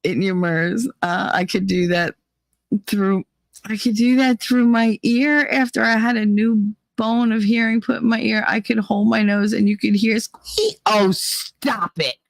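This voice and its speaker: A woman's voice: mid-range voice, fairly even intonation, measured pace, gravelly, no echo, rough recording. A young adult woman hosting a livestream, telling crude stories in casual chat and breaking into laughter often. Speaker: livestream host.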